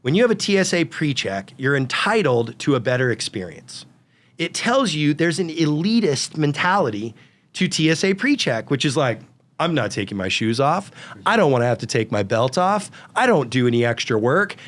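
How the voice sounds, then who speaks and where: Animated storytelling man. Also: fairly high pitch, moderate pace. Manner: animated, tells anecdotes with quoted dialogue. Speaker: guest, real estate brokerage founder. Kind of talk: storytelling in a casual interview.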